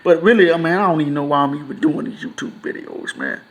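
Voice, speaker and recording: A frustrated man, ranting to camera in a loose, profane, repetitive way. His voice sits a bit high for a man, and he keeps circling back to the same points. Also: huge pitch swings, fast talker. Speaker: YouTuber. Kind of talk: casual ranting monologue.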